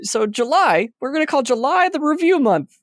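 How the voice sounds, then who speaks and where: A man co-hosting a casual podcast, playful and giggly as he reads plugs and shout-outs. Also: extremely high pitch, sing-song, moderate pace, dry recording. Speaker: podcast co-host.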